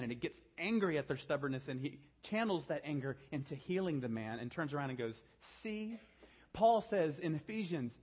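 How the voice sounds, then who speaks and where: A man preaching a sermon, swinging from hushed, low emphasis to raised, urgent delivery. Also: breathy edge, lo-fi sound. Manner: dynamic preaching, drops to a hushed low voice then rises. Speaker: pastor.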